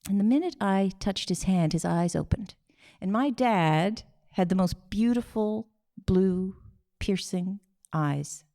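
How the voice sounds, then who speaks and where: A woman, telling a personal story on stage, animated and emotional, acting out the voices of the people in it. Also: mid-range voice, slow.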